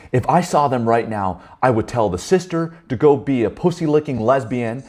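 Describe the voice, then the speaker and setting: A man leading a men's group, telling stories in a blunt, profane and animated way. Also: lowish voice, moderate pace. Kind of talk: candid group talk.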